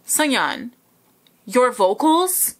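A young woman hosting a music video reaction, gushing and squealing with excitement as she watches. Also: on the high side, very slow, background noise. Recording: music playing loudly behind. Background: music video playing.

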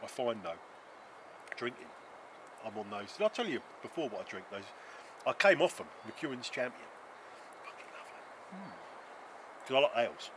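A man's voice: mid-range voice, sing-song, moderate pace, long pauses, background noise. A man chatting casually at a forest camp, swearing and laughing as he tells stories. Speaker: channel host.

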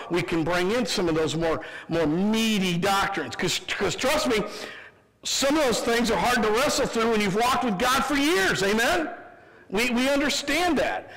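A man with a Midwestern American accent, preaching a sermon as pastor, animated and humorous with quick asides. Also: high-pitched, gravelly. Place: church sanctuary. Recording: church sanctuary with long reverb.

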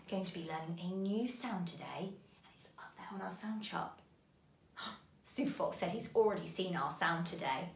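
A woman teaching a phonics lesson to young children, speaking in a slow, sing-song, encouraging way. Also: mid-range voice. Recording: roomy echo.

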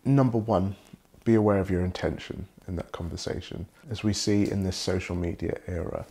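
A young British man with a very deep voice and a gravelly edge. He speaks in a measured, thoughtful and polished way, and there is a husky grain running under it. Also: mellow. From Britain. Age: young adult. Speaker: guest. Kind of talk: reflective conversation.

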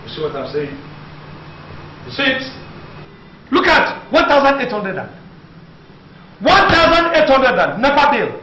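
A blustering Nigerian boss who scolds and laughs through his rants. His voice is very high and bright, and it swings all over. It rings in an echoey room. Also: huge pitch swings, measured pace, pauses often, slight background noise, full character voice. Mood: scolding. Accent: Nigerian English. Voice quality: loud, scolding, laughs while ranting. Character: blustering bossy man, office manager. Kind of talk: comedy film acting.

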